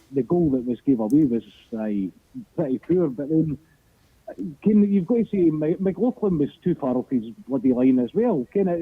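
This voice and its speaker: A Scottish man with an Edinburgh accent rings in over a thin, tinny phone line, his voice sitting a bit high and husky. He rambles through his point with constant false starts and offhand swearing. The sound is dry, with no room around it. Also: no room sound. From Scotland. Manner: rambling, stumbling restarts, swears casually. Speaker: caller. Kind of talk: phone-in football chat.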